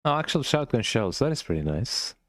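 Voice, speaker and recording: A man's voice: medium pitch, very animated, fairly quick, fairly bright tone, no echo, studio quality. A young man, casually commenting as he plays a game and rambling on with "eh?" tags. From Mexico. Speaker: gaming streamer.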